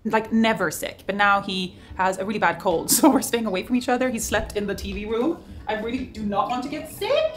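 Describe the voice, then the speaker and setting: Soft-spoken woman vlogging. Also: mid-range voice, animated, a little fast, few pauses, rough recording. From Norway. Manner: soft, cooing, talks sweetly to partner and pets. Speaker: lifestyle vlogger. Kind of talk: vlog narration.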